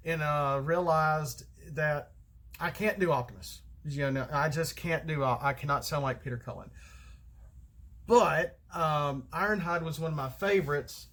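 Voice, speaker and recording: A man's voice: fairly high pitch, unhurried, a bit bright. A middle-aged man with a Southern American accent, rambling through a casual solo vlog monologue and often losing his thread. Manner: rambling, loses his thread, many fillers. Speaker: card game vlogger.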